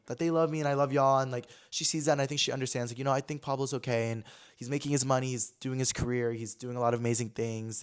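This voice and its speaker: Podcast host, man in his 20s from Connecticut, middle pitch, open and chatty storytelling. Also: smooth. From Connecticut, USA. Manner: candid, chatty, heavy use of "like". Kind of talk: casual storytelling chat.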